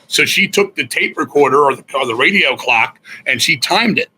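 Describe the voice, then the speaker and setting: Raspy man, higher-pitched, sharp forceful tone, blunt, swears a lot, casual storytelling. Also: animated, normal speed, slight background noise, poor audio. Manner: swears freely, intense and blunt. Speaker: guest musician.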